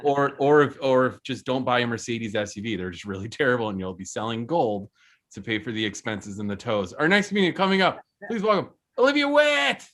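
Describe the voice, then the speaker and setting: A man's voice: medium pitch, brisk. A man hosting an online open mic, chatting casually and rambling before he introduces the next act. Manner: rambling, relaxed, trails off and restarts. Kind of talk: casual emcee chat.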